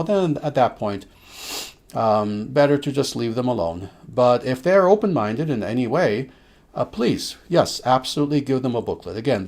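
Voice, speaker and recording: A male spiritual teacher answers questions from his listeners in a mid-pitched voice. He talks slowly and leans on key words, with gentle "oh" and "uh" sounds between his thoughts. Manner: slow, emphatic delivery with soft filler sounds.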